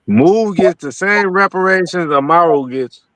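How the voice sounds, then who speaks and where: A man's voice: high voice, expressive, unhurried, a bit bright, dry recording, poor audio. A man co-hosting a podcast, talking in a blunt, slangy, casual way. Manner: blunt, slangy, laughs a lot. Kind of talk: casual chat.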